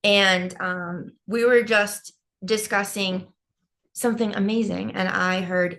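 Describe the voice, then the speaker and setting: A woman co-hosting a casual chat from a hotel room, joking around and slowing down to explain. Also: medium pitch, level tone, creaky, a bit bright. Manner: playful, joking, slows down to explain. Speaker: co-host.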